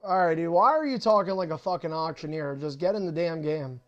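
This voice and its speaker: A young man with a high voice runs a live gaming stream, talking straight into his mic. He is brusque and foul-mouthed, bossing players around and getting impatient while he sets up matches. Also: fairly quick, lo-fi sound. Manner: profane, impatient, bossy. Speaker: online wrestling league host. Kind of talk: casual livestream talk while setting up matches.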